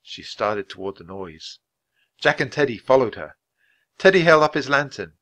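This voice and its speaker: Lively man reading a storybook aloud. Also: mid-range voice, moderate pace. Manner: clear, expressive reading at natural speed. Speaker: storybook reader.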